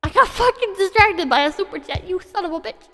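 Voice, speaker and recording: A woman with a high, bright-sitting voice chats casually to her stream audience. She rambles excitably and swears freely, thanking viewers for donations as she goes. Music plays clearly in the background behind her desk microphone. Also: brisk, no echo. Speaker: livestreamer reading viewer donations.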